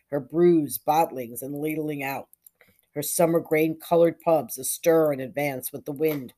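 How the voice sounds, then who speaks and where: A woman narrating a literary short story in a measured, lyrical way with soft trailing endings. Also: deep voice. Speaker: audiobook narrator.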